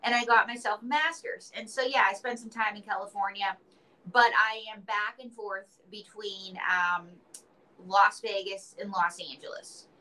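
An entertainer and author, interviewed as a guest, chats casually and tells stories full of playful acted-out quotes. Her medium-pitched voice is steady and sharp at a moderate pace, on a low-quality recording.

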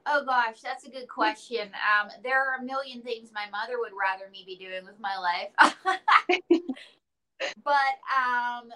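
A woman's voice: a little high, measured pace, pushed and bright, rough recording. A woman being interviewed, chatting casually and telling stories with playful acted quotes. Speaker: interview guest, entertainer and author.

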